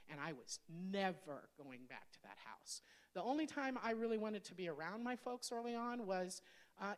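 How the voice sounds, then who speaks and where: A woman in her fifties, a pastor, telling her personal testimony in a candid, conversational sermon that speaks straight to the congregation. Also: on the low side. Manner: candid, conversational, addresses audience directly.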